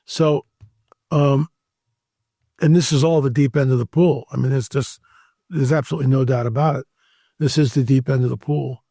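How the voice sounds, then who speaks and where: A man with a gravelly, dark voice tells a story as an interview guest. He is animated and acts out the dialogue of the people in it. The sound is dry and close. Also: medium pitch, normal speed, pauses often, no room sound. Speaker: guest researcher.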